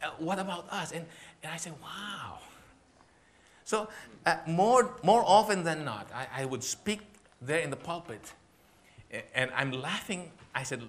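A middle-aged pastor, preaching in an animated, humorous way and laughing often. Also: male voice, a little high, unhurried. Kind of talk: sermon talk with humor.

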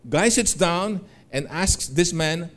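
A man's voice: high voice, takes it slowly, fairly bright tone. A middle-aged man giving a motivational seminar talk, telling stories animatedly, laughing along and acting out the voices of the people in them. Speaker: seminar speaker.

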